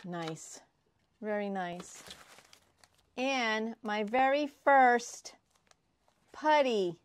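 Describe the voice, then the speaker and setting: A woman crafting vlogger unboxing prizes she won, gushing and excitable, often repeating herself. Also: on the high side, very slow, a little hiss or hum. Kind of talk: casual unboxing vlog.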